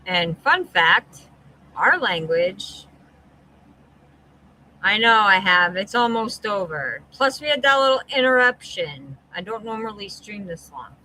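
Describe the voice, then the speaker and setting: A woman's voice: medium pitch, lively intonation, a little slow, bright, forceful tone, slight background noise, low-quality recording. A woman hosting a livestream, reacting with exasperated, blunt, profanity-laden commentary. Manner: exasperated, heavy swearing, blunt.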